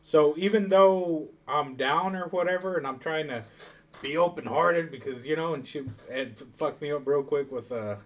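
A man in casual conversation who talks haltingly, restarts a lot and swears freely. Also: on the high side. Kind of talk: casual chat.

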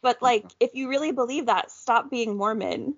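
A woman's voice: a little high, normal speed, dry recording. A woman competing in a quiz game on a casual podcast, outspoken and competitive, laughing often. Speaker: quiz contestant. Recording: dull lo-fi audio.

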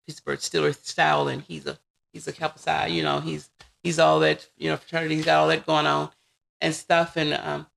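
A woman in her forties, a podcast guest, telling personal stories in a casual, animated way and acting out what people said. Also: deep voice, brisk, gravelly. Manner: animated, acts out quoted dialogue. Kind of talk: casual interview storytelling.

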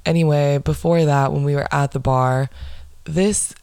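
A woman's voice: deep voice, steady tone, measured pace, darkish tone, smooth, no echo, studio quality. A young woman hosting a podcast, telling stories in a blunt, sarcastic and profane casual monologue. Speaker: podcast host.

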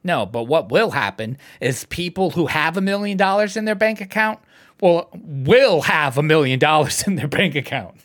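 A man's voice: fairly high pitch, moderate pace. A man hosting a casual podcast, ranting about politics with plenty of swearing and frequent laughs. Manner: animated, profane ranting, laughs often. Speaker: podcast host.

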